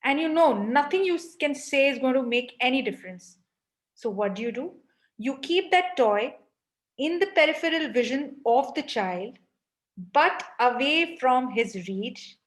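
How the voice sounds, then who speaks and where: A woman's voice: high-pitched, animated, measured pace. A woman parenting coach giving a live online workshop, emphatic and often asking "right?". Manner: emphatic, frequent rhetorical "right?".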